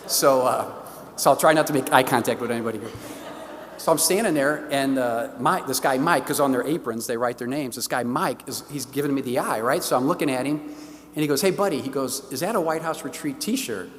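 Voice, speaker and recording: A man's voice: medium pitch, fairly quick. A middle-aged man with a St. gives an enthusiastic, story-filled talk to a parish and acts out the conversations he tells. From St. Louis, Missouri. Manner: animated, enthusiastic storyteller who acts out the dialogue. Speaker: diocesan stewardship director giving a parish talk. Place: church. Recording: long reverb of a church hall.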